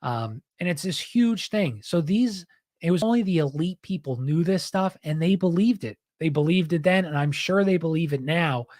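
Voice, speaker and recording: A man's voice: a little high, lively intonation, moderate pace, darkish tone, dry recording, clean studio sound. A man hosting a podcast, talking in a rambling, heated, casual way and often saying "dude". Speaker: podcast host.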